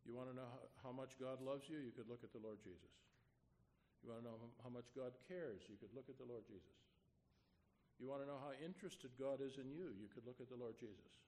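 A man preaching a conversational sermon, repeating rhetorical questions and sometimes dropping to a soft, quiet tone. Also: mid-range voice, a little fast.

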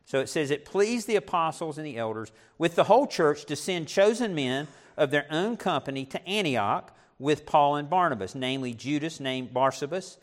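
Animated man preaching a sermon. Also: on the high side, normal speed, few pauses. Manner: animated preaching with self-deprecating asides. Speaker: pastor.

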